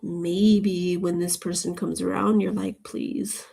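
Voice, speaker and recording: A woman's voice: fairly low pitch, flat delivery, unhurried, vocal fry, dark tone, husky. A woman giving a casual tarot reading to camera, rambling off into tangents and laughing often between remarks. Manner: chatty, drifts into tangents. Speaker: tarot reader.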